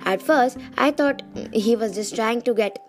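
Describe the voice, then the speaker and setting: A young woman reads a children's book aloud, her voice hoarse from losing it. She keeps a casual, chatty tone with small restarts, and sits a touch higher than most women. Soft music plays quietly underneath. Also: measured pace. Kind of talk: casual storybook reading.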